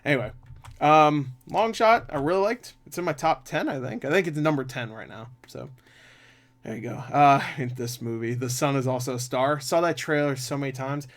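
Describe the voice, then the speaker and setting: A man's voice: medium pitch, moderate pace. A man chatting casually about box office numbers as a movie reviewer, swearing freely and laughing often.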